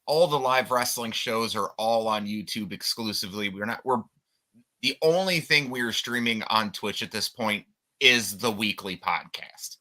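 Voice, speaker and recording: Blunt and profane, a wrestling podcast co-host from Michigan talks casually while promoting the channel. His voice is lowish, pushed and bright, and a little slow.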